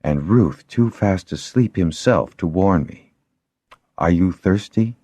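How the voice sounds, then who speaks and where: A male reader voicing a young woman healer who speaks softly but firmly, with gentle reproach. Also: low-pitched, expressive, takes it slowly, slightly rough, no echo, heavily acted. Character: young woman healer, soft-spoken yet firm.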